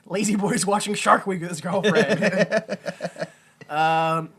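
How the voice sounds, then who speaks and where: A man's voice: sits high, fairly even intonation, fairly bright tone, husky. Rambling young man recapping a film. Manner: rambling, jokey retelling with quick asides. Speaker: podcast co-host. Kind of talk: casual movie recap chat.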